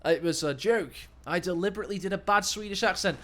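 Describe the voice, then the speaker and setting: A man casting a video game match, joking and rambling and breaking into sudden excited shouts. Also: sits high, fast talker. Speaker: game caster.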